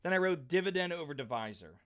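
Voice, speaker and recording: Chatty, bright-voiced math teacher in his forties. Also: on the high side, fast. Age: 40s. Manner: chatty, animated storyteller, talks directly to students by name. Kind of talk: live class lecture with side stories.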